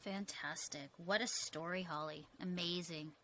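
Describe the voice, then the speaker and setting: Enthusiastic bright-voiced woman host. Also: on the low side, steady tone, measured pace. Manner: enthusiastic, encouraging. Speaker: podcast host. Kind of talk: podcast hosting.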